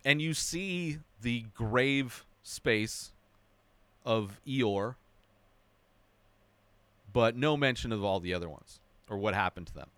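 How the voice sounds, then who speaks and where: A young man hosting a casual spoken movie review, animated and mocking, now and then dropping into a high whiny voice to mimic characters. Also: takes it slowly, long pauses, smooth, no echo.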